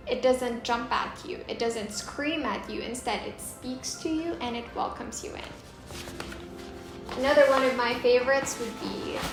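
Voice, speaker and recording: A woman's voice: sits high, roomy sound. A woman from the Philippines hosting a home design vlog, talking casually and with enthusiasm about design choices. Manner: enthusiastic, shows off samples with a chatty, descriptive flow. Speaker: interior designer and vlog host. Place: home under renovation, indoors. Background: background music, occasional banging.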